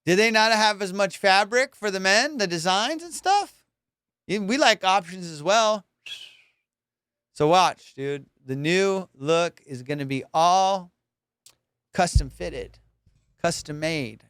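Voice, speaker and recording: Smooth-voiced, swearing male podcast host. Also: high-pitched, lively intonation, slow pace, pauses often, a bit bright, no room sound, clean studio sound. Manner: rambling, profane, laughing often. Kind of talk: casual comedy podcast chat.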